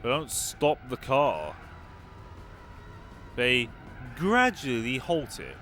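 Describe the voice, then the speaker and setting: A man's voice: medium pitch, wildly swooping pitch, very slow, sharp tone, faint music behind. A young man muttering wry asides while commentating a racing game. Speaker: gaming channel host. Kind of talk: let's play commentary.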